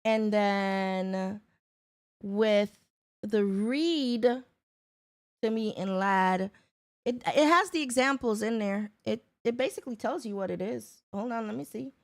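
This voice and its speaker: Slow-talking woman chatting on a livestream. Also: medium pitch. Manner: chatty, talks to viewers by name; casual, loose and unhurried. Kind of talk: casual livestream chat.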